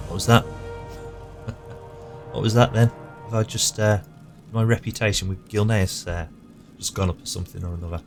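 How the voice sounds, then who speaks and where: Male gamer, deep voice, rambling play-by-play over game music. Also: steady tone, normal speed. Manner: chatty, muttering to himself. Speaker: player narrating his game. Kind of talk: casual gameplay commentary. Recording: music playing clearly behind.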